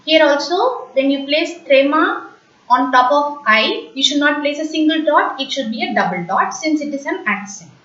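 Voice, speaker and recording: A woman teaching French pronunciation in a slow explanatory lesson, patiently repeating words for learners. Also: high-pitched, animated, fairly bright tone. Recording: echoey room, distant, dull lo-fi mic.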